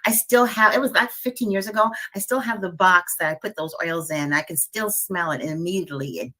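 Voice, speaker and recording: A woman's voice: lowish voice, fairly quick, pushed and bright. A middle-aged woman, a wellness coach, chatting casually and upbeat on a live stream, laughing often.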